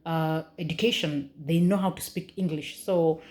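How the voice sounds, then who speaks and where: A woman's voice: sits low, fairly even intonation, normal speed, a little mellow. A young Kenyan woman with a Kenyan accent, chatting casually in her vlog, laughing often and using lots of fillers. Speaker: vlogger.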